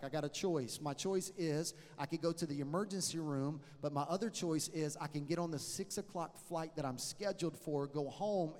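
A man preaching a sermon, telling a personal story with humor and acting out both sides of a conversation. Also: on the high side. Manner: lively, joking, acts out dialogue. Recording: reverberant hall.

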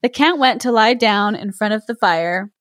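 A woman's voice: mid-range voice, normal speed, a bit bright, no echo, studio quality. A woman reading a folk tale aloud to friends, with chatty, amused asides. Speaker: story reader and host. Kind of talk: casual storytelling read-aloud.

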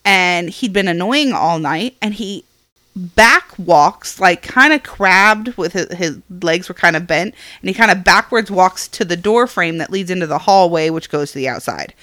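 A woman's voice: on the low side, normal speed, no room sound. Woman in her 30s podcasting, acts out voices, dry close mic sound. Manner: animated, acts out quotes. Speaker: podcast co-host and parent. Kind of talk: casual storytelling chat. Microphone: podcast microphone.

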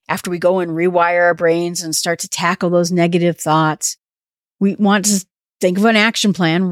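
A woman hosting a solo podcast, talking through a self-help book in a calm, reassuring way. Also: lowish voice, no echo, clean studio sound. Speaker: podcast host.

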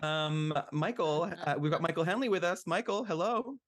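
A man's voice: on the high side, expressive, moderate pace. A man hosting a casual podcast chat, joking and rambling with lots of fillers. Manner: jokey, rambling with many fillers. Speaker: podcast host.

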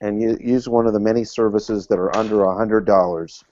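Hesitant low-voiced male podcast guest. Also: steady tone, brisk, dark tone, muffled recording, a little hiss or hum. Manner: hesitant, repeats words, fills with uh. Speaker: guest author. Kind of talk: casual podcast chat.

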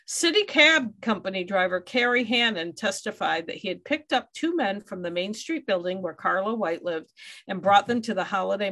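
A woman narrating a true crime case for a podcast in an even, mid-pitched voice. She reads court details plainly and drops wry asides of her own. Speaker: podcast host.

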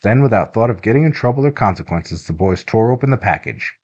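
A man with a very low, deep voice reads a children's adventure book aloud in a steady, even narration. The recording is a little muffled and lo-fi. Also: quick pace. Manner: even, steady storybook reading. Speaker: audiobook narrator. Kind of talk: scripted narration.

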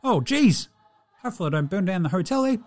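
A man's voice: sits high, sing-song, quick pace, a little mellow. A man putting on a laid-back young New Zealand basketball player with an exaggerated New Zealand accent, drawling and tacking "Brew" and "eh" onto every phrase. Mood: cheerful.

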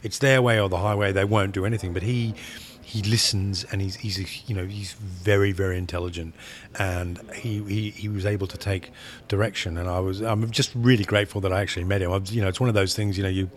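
Low-voiced man rambling about his film. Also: fairly even intonation. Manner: rambling, halting, repeats words while searching. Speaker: film director. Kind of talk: interview conversation.

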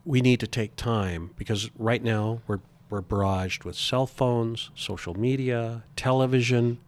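A middle-aged man speaking earnestly as an interview guest, often stumbling and restarting his sentences. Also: medium pitch. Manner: earnest, halting with repeated restarts. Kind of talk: reflective interview talk.

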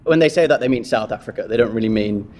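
A man's voice: medium pitch, fast talker, a little hiss or hum. A man from Kenya with a British accent, asking questions in a casual, chatty way during an interview. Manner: relaxed, chatty, laughs easily.

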